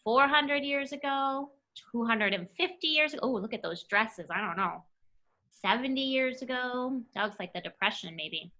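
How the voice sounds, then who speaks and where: A woman's voice: on the high side, expressive, normal speed, pushed and bright. A young woman teacher reading a picture book aloud to her class, with playful, chatty asides to the children. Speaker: elementary school teacher.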